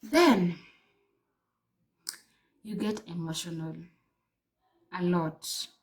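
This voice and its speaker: A young woman with a Kenyan accent chatting to camera in a casual vlog, telling stories in an animated way and slipping between English and Swahili. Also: fairly low pitch, very slow, rough recording. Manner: animated storyteller, mixes in fillers. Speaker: vlogger.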